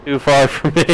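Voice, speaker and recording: This gaming streamer's voice is a little high, and the low-quality recording has a bit of hiss or hum. He plays a farming game while casually chatting with his live audience, reading and answering their comments with frequent laughter.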